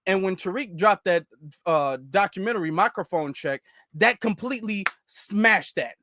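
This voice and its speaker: A man hosting a commentary channel, ranting in an animated, repetitive storytelling way. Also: high-pitched, normal speed, slight background noise.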